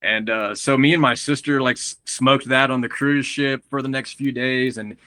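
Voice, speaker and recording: A man from Texas, a guest on a podcast, telling stories in a lively, casual way, often laughing and acting out what others said. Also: medium pitch, moderate pace, no echo. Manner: animated, acts out quotes of others, laughs often. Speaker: guest grower and breeder.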